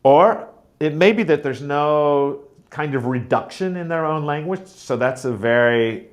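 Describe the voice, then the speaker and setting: A man teaching a pronunciation lesson, speaking deliberately and modeling words and sentences aloud to show stress. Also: fairly high pitch, animated, lo-fi sound. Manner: slow, deliberate, demonstrating stress patterns aloud. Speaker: teacher trainer.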